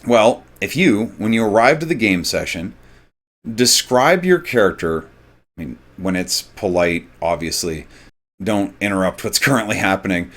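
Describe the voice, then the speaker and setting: A man with a somewhat low voice talks through tabletop roleplaying advice. He explains things casually and steadily, with the occasional filler word. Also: expressive, normal speed, a bit bright. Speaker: tabletop gaming advice host. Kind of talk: conversational advice monologue.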